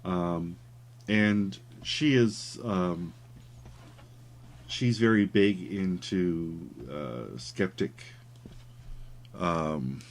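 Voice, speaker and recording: A man's voice: deep voice, extremely slow, pauses often. A man telling a story in a casual, rambling way while he draws, with many fillers. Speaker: caricature artist streaming his drawing. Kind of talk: casual chat while drawing.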